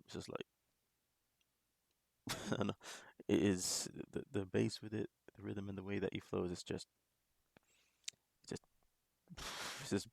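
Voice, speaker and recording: A man's voice: lowish voice, level tone, a little slow, creaky, long pauses, darkish tone, no echo. A man hosting a reaction video, talking in casual commentary that rambles with restarts and small laughs.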